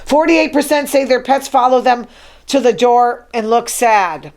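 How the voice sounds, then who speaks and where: Her voice sits on the high side yet has a darkish tone, and she takes her time. She's hosting her own talk show solo, reading news items from notes and adding chatty, wry commentary.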